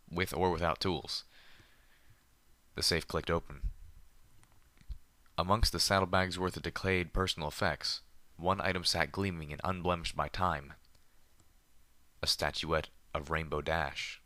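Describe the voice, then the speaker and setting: Male audiobook narrator, deep and forceful, measured pacing, dry booth sound. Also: no echo. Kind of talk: first-person story narration.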